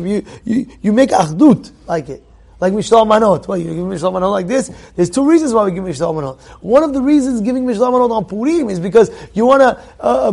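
A man giving a sermon as a rabbi, animated, acting out little dialogues and repeating phrases. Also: high voice. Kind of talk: sermon with storytelling.

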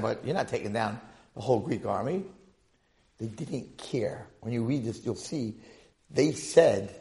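Male Torah teacher, impassioned lecture, lively swooping delivery. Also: fairly high pitch, creaky. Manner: animated, dramatizing, mixes in Hebrew and Yiddish terms.

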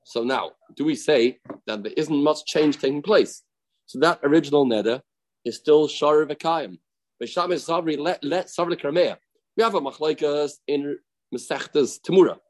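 A man's voice: a little high, moderate pace, low-quality recording. A man teaching a daily Talmud lesson, explaining the text, acting out its cases and repeating key phrases for emphasis.

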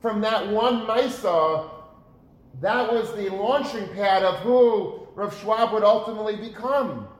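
A man's voice: high voice, measured pace. A man giving an earnest sermon, asking rhetorical questions and repeating words for emphasis. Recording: roomy echo.

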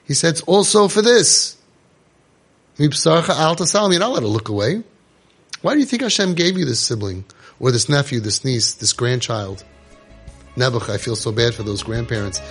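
A man giving an impassioned religious lecture to parents, scolding and rhetorical, sprinkling in Hebrew and Yiddish terms. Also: medium pitch.

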